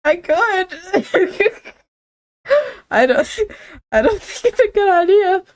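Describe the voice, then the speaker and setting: A woman's voice: very high-pitched, expressive, slow pace. A young woman streaming a game, playfully reading its text aloud and chatting with viewers, giggling often.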